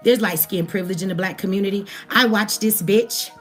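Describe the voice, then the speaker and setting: A woman's voice: medium pitch, fairly quick, soft background music. A woman with an African American English accent giving a profane, heated commentary rant straight to her viewers. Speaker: commentary vlogger. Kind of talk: ranting commentary.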